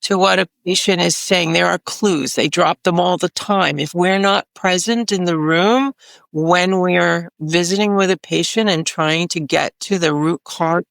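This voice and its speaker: A woman's voice: fairly low pitch, a little slow, gravelly, dry recording, clean studio sound. A woman clinician on a health panel, speaking emphatically and repeating phrases for stress. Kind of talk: panel discussion.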